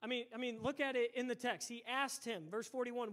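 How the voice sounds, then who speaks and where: A male pastor delivers a lively sermon in a church. His voice sits high and sounds bright and forceful. He drives his points home with emphatic repetition and rhetorical questions. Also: a little fast. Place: church sanctuary.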